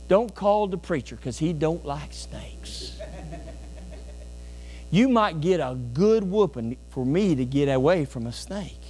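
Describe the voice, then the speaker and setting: A man preaching a sermon as pastor in a church, emphatic, with sudden loud bursts and folksy storytelling asides. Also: sits high, a little hiss or hum. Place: church sanctuary.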